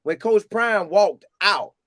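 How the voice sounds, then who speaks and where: A man's voice: takes it slowly, no room sound, clean studio sound. A man from Florida with a Southern accent, animatedly telling a casual story and acting out what people said. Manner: animated, acts out quotes in a higher voice. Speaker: storyteller recounting a game visit.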